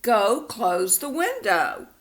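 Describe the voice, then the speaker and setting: A woman's voice: a little high, wildly swooping pitch, slow pace, full character voice. A woman voicing a strict but caring mother in a storybook, firm in tone. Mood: gentle.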